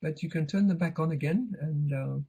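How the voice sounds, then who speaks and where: Man, co-tutor, mellow dark tone, relaxed, filler-heavy, web call mic. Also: fairly high pitch, a little fast, breathy edge, rough recording. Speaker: co-tutor of an online course. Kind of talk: live online seminar talk.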